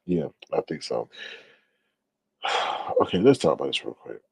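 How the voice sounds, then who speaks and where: A man's voice: extremely low pitch, very animated, a little slow, vocal fry, a little mellow, husky, no echo. A man hosting a casual livestream, ranting with exasperation, often sighing and talking straight to his viewers. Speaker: livestream commentary host.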